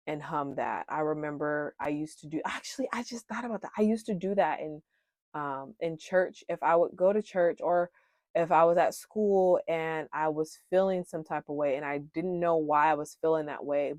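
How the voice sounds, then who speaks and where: A woman in her thirties talking casually and warmly to viewers about coping skills, with frequent "um"s, calling them "y'all". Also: on the low side, no room sound, clean studio sound. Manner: frequent "um", addresses viewers as "y'all", laughs at herself. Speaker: wellness vlogger sharing coping skills. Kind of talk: casual heartfelt talk to viewers.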